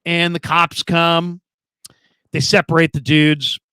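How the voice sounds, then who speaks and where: A man's voice: fairly high pitch, flat delivery, takes it slowly, pushed and bright, smooth, no room sound. A man hosting a casual live sports stream, telling jokey stories and reading out viewer comments. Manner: joking storyteller, reads chat comments aloud. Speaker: podcast host.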